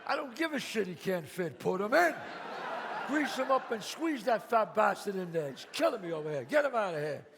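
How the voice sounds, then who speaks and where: A man playing a loud, bossy, profane mob boss in a one-man stage show. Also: high-pitched, very animated, normal speed, gravelly, a little hiss or hum, exaggerated voice. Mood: commanding. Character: brash swaggering mob boss man, middle-aged. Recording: live stage, long reverb, faint ambience.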